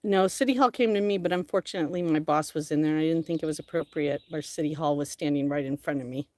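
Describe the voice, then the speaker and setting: A middle-aged woman hosting a casual livestream outdoors, chatty and excitable, talking straight to her viewers. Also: sits low, fast talker, dry recording. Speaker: livestream host.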